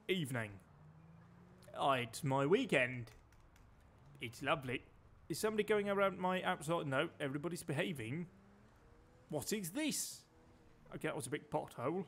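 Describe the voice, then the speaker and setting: A British man giving chatty live gameplay commentary as a streamer, full of dry, wry asides. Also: a little high. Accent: British English.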